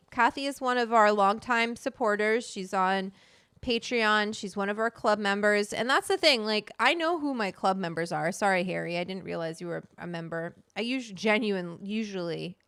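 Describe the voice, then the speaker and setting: A woman's voice: mid-range voice, pushed and bright, clean tone, dry recording, clean studio sound. A woman hosting a livestream, chatting casually, greeting viewers by name and swearing freely. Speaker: livestream host.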